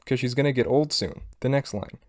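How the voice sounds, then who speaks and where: A young man delivers a video essay in a sarcastic, exasperated voice. His pitch sits in an ordinary middle range. He sounds fed up with what he is critiquing. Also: a little fast, over a noisy crowd. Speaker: film critic video host.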